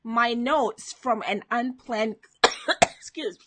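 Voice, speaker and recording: A woman's voice: a little high, takes it slowly, heavy background noise. A woman hosting a motivational live stream from home, chatting casually, greeting viewers by name and reading out their comments.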